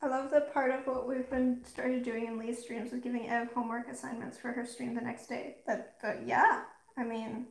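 A woman's voice: a little high, flat delivery, normal speed, gravelly. A woman hosting a painting livestream, chatting casually and playfully with viewers. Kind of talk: casual chat while painting. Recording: roomy echo.

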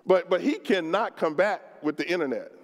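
A pastor with a high-pitched voice preaches passionately to his congregation, climbing to near-shouts and dropping to low, slow asides. He talks plainly and colloquially, acting out prayers as if speaking to God. His voice rings with the long reverb of a church hall. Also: animated. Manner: colloquial, acts out prayers in first person. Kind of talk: sermon. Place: church sanctuary.

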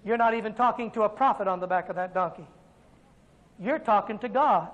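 Very high-voiced dramatic male evangelist. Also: fairly quick, lo-fi sound. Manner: dramatic storytelling, swings from loud to hushed. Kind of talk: dramatic sermon.

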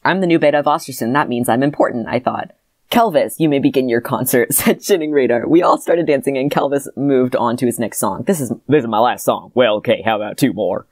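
A woman with a strikingly low voice reads an old story aloud at a brisk clip, keeping it deadpan and laughing at asides. The sound is close and dry. She trades banter with a co-host. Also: dry recording. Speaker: podcast co-host reading aloud.

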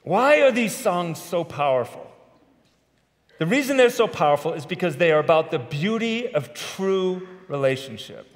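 A middle-aged pastor with a somewhat high voice delivers a sermon, chatty and quick to poke fun at himself. His words ring out with the long reverb of a large church sanctuary. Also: lively intonation. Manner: conversational, self-deprecating humor. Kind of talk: sermon with personal stories.

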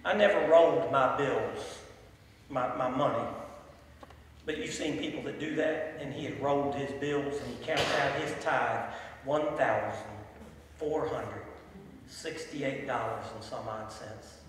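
A man's voice: measured pace, a little hiss or hum. Echoey preacher man. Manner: storytelling preacher, swells loud and drops low. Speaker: pastor. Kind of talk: sermon. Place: large church sanctuary. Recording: echoey hall from far off, faint ambience.

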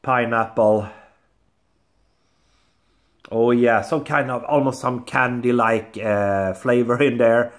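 A man's voice: medium pitch, steady tone, takes it slowly, pauses often. Man chatting through a beer tasting. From Sweden. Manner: chatty, addresses viewers as guys, repeats "I would say". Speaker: beer reviewer, channel host. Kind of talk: casual tasting review vlog.

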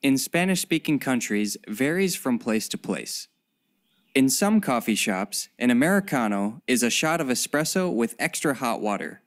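A narrator of a recorded language lesson, giving clear, even scripted translations. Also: medium pitch, normal speed.

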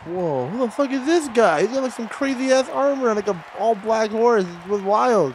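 Young guy yelling and swearing while reacting to a show, kinda high voice, super excitable. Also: normal speed, hardly any pauses, slight background noise. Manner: loud, excitable, profane exclamations. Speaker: reaction video host. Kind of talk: casual reaction commentary.

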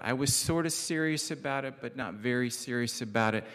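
A man preaching a guest sermon in a church, conversational and lightly humorous, dropping soft and low on key phrases. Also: fairly quick. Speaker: guest pastor. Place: church sanctuary. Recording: reverberant church hall.

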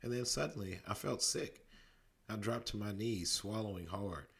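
A father reads a children's storybook aloud at bedtime in a deep, low voice. His narration is steady, and he slips into character voices along the way. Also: moderate pace, vocal fry. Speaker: dad reading a bedtime story.

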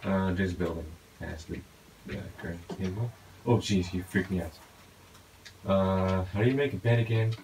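Gaming channel host, man, very low voice, chatty self-talk commentary, faint hiss behind. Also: moderate pace, rough recording. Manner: talks to himself, excitable outbursts. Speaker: gaming YouTuber. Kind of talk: casual gameplay commentary.

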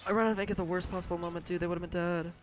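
A man's voice: sits high, steady tone, very fast, faint music behind. Young man swearing through a game stream. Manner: swears a lot, swings between loud outbursts and mumbling. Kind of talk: casual gaming livestream chatter.

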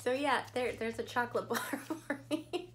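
A woman's voice: on the high side, fairly bright tone, slight background noise. A woman vlogging casually as she unboxes gifts, gushing and emotional, at times tearful. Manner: slow, drawn-out delivery. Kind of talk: casual chat to camera.

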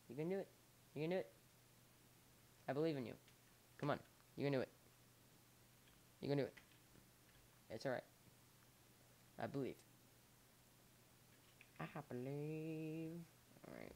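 A man's voice: mid-range voice, wildly swooping pitch, moderate pace, vocal fry, pauses often, darkish tone, slight background noise. A young man giving playful let's play commentary, coaxing an animal along with lots of repeated encouragement. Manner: playful, coaxing and repeating himself as if talking to a pet. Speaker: gamer.

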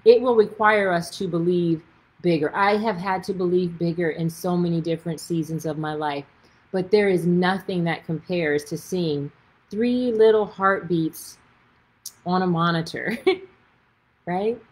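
Woman, Texas accent, breathy voice, effusive, casual livestream chat. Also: lowish voice, unhurried, poor audio. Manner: chatty and effusive, gushing with excitement. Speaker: author and faith speaker.

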